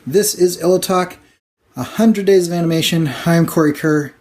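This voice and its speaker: A man's voice: a little high, moderate pace, a little mellow. A man vlogging casually, out of breath, rambling with lots of fillers. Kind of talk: casual talk while working.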